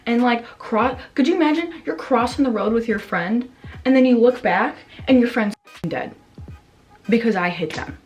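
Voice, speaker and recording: A woman's voice: on the high side, lively intonation, moderate pace, a little mellow, soft background music. A young woman vlogger casually telling a story to her camera, rambling with lots of fillers, swearing and acting out her own reactions.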